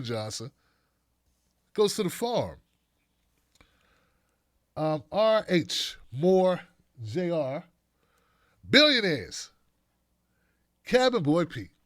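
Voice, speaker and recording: A man's voice: high voice, no room sound, studio quality. A man hosting a live show, reading out viewer donations and comments in a loose, joking way, laughing often. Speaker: host. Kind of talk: casual livestream chat reading donations.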